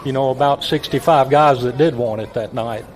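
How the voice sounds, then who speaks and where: Folksy retired announcer reminiscing. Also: male voice, medium pitch. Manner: folksy, halting storyteller with repeated words. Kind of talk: reminiscing guest on a talk show.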